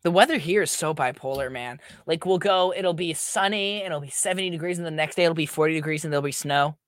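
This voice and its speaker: A man's voice: on the high side, quick pace, a bit bright, dry recording. A young man as a podcast guest, talking earnestly in casual chat and filling his sentences with "like". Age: young adult. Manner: earnest, filler-heavy, lots of "like".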